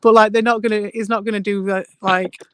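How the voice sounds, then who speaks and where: A man in casual voice chat, chatty and quick to agree with the others. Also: high voice, level tone, clear, resonant tone.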